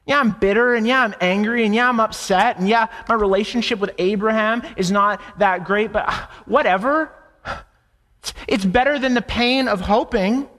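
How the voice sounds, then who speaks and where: Preacher putting on a bitter, sarcastic old woman, high and scoffing, echoey hall. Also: sharp tone. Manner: scoffing, exasperated, rapid.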